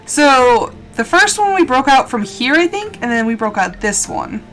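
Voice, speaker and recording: This gaming streamer has a high, slightly bright voice with big pitch swings and a moderate pace. Over game music, she narrates her play to herself, begging the game to cooperate and cheering herself on.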